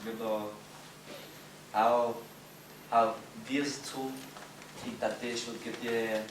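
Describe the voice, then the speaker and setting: A man's voice: medium pitch, little pitch movement, lightly acted. A man playing a sexist Frenchman in broken English. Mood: boastful. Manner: halting, many fillers and restarts. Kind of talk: improvised comedy scene. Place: workshop room. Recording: echoey room from far off, faint noise.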